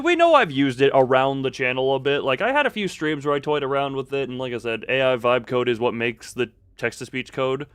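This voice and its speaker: A man's voice: medium pitch, a bit bright, clean tone, no room sound. A man streaming a game live, joking and rambling as he reacts to his chat, on a close desk microphone.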